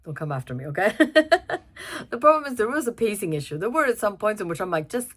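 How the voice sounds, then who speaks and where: A young woman giving a chatty, casual film review, full of fillers and restarts and quick to laugh. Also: medium pitch, very animated, a bit bright.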